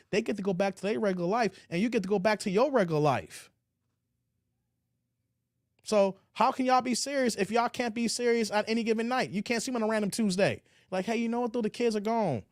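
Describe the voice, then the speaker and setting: A man's voice: high-pitched, no echo, studio quality. A man hosting a livestream, reading viewer comments aloud and reacting in laid-back slang. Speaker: livestream host.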